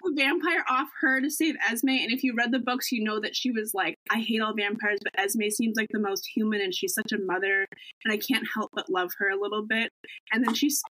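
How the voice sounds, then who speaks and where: A woman's voice: medium pitch, steady tone, brisk, pushed and bright, rough recording. A young woman vlogger chatting casually and gushing as a fan, full of "like"s. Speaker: vlogger guest. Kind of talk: casual chat.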